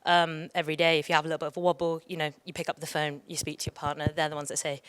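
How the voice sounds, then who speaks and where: A woman's voice: low voice, little pitch movement, rapid-fire, a bit bright, smooth, no room sound. A young woman speaking on a conference panel, chatty and emotional, often laughing. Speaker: panelist, athlete. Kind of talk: panel discussion.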